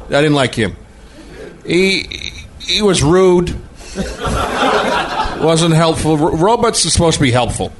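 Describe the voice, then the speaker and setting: A man's voice: on the high side, lively intonation, slow, pauses often. A man doing a giggling comedy impression of an older filmmaker, rambling and breaking character on a noisy podcast. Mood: wistful rambling.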